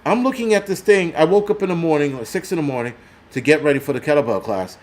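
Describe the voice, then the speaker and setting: This older New York City man runs his own prepper channel and is ranting angrily on a vlog, heavy with profanity and sarcasm, sometimes imitating others mockingly. His voice sits a little high, with a darkish tone, and he talks fast and animatedly.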